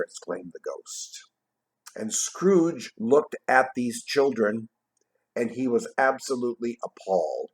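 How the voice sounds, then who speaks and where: A man casually retelling a classic story in a vlog, tossing in jokey asides and trailing off quietly at the ends of his thoughts. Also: medium pitch, big pitch swings, slow pace. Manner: chatty, jokey, adds asides while retelling. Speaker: vlogger reading a classic novel aloud.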